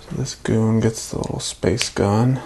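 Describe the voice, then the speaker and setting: A man casually narrating a toy unboxing and build, calmly explaining each step. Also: on the low side, a little slow, vocal fry, background noise. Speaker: toy reviewer.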